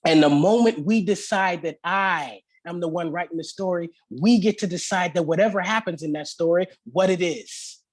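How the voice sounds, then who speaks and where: A man giving a guest sermon at a church service, telling stories with lively acted-out quotes and dropping into soft, slow reflection. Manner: animated storytelling with acted-out quotes; slows to soft, low-voiced reflection. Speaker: guest speaker.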